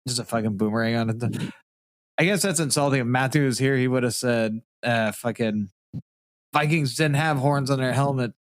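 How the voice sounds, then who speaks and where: A man's voice: mid-range voice, normal speed, dry recording. Profane, loose-talking man, dry sound. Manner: loose, profane, laughing often. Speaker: podcast host. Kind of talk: casual chat.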